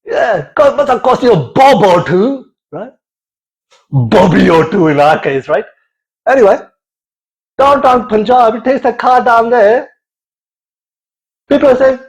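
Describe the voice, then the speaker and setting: Animated, high-voiced comic storyteller man. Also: a little slow, long pauses, poor audio. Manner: animated, playful, swears freely, slips into accents. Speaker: comedian. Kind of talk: comic monologue.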